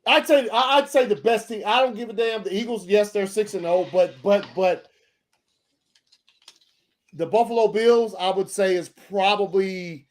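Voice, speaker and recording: A man co-hosting a casual sports podcast rants in a heated, profane way, stammering and restarting often. His voice sits high and he speaks at normal speed.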